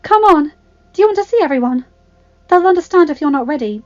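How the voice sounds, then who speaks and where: A woman voicing an eager, tearful young woman who talks high and breathless. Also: lively intonation, a little fast, highs cut off.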